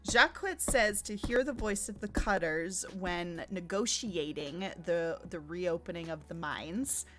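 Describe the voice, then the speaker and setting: A woman's voice: on the low side, measured pace, soft background music. A woman co-hosting a podcast, recapping a game session in casual chat; she laughs easily and stumbles over words. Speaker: podcast co-host.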